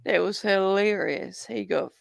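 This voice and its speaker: Gravelly New man, blunt talk. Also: high voice, a little slow, no room sound. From New Zealand. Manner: blunt, swears often. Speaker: panel guest. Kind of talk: casual chat.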